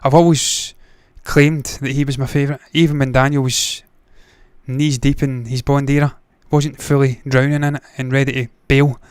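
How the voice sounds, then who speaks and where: A man's voice: medium pitch, flat delivery, moderate pace, darkish tone, clean tone, no echo, studio quality. A man hosting a movie news livestream, giving blunt, opinionated takes with frequent swearing. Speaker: movie news show host. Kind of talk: casual livestream commentary.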